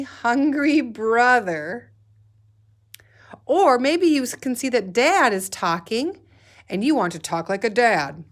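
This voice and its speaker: A woman teacher leading a guided reading lesson for young children, patiently sounding out letters and words. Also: mid-range voice.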